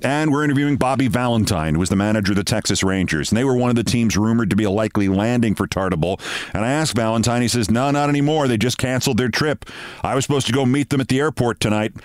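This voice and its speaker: A man in his sixties telling a long anecdote as a show host, wry and lively, acting out the people he quotes. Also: mid-range voice, fast, no echo. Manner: wry anecdotal storytelling, acts out quoted dialogue. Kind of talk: storytelling monologue.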